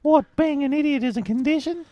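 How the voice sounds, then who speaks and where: A woman's voice: sits high, fairly quick, no room sound, lo-fi sound, natural voice. Brash, snappy young slum woman read by a woman in a comedy read-through, dry close sound. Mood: bickering. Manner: snappy, swaps swears for a silly word. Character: brash foul-mouthed young woman from the slums. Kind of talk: amateur script read-through.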